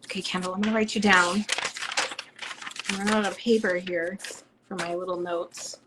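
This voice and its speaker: A woman from Rhode Island, hosting a live stream as a psychic medium, chatting and reading out viewer comments in a bubbly way that drops into soft whispers. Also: on the low side, fairly even intonation, normal speed, slight background noise.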